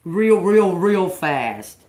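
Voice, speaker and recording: A woman's voice: fairly low pitch, big pitch swings, very slow, darkish tone. A woman, a tarot reader on a livestream, telling stories bluntly with lots of swearing and laughter. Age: adult with a grown daughter. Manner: blunt and profane, laughs often. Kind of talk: casual livestream storytelling. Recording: roomy echo.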